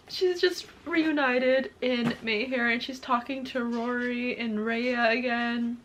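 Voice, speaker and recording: Woman book vlogger, casual and emotional, voice sitting a touch high, faint hiss behind her. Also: steady tone, slow. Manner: gushing and emotional, often laughing and tearing up; chatty, addresses viewers directly. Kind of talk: casual reading vlog, reacting to a book.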